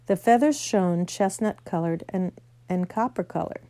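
A woman reading a children's novel aloud, gentle storytelling with small slips. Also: on the low side, normal speed, dry recording. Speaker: narrator.

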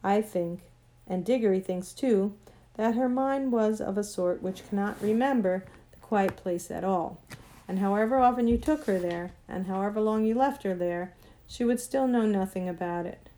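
A woman reads a children's storybook aloud as narrator, steady and gentle in her storytelling. Her voice is warm and mellow, never sharp or bright. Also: medium pitch, normal speed. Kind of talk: audiobook narration.

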